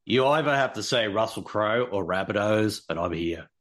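A man's voice: lowish voice, expressive, moderate pace, fairly bright tone, a little hiss or hum. A man doing a goofy impression of a famous Australian actor, bragging in a mock Australian accent. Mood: boastful. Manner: boastful, goofy bravado.

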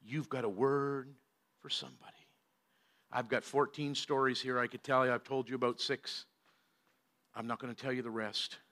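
An older man, a pastor, telling a story in a sermon and moving between loud bursts and hushed passages. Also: medium pitch, fairly even intonation, moderate pace.

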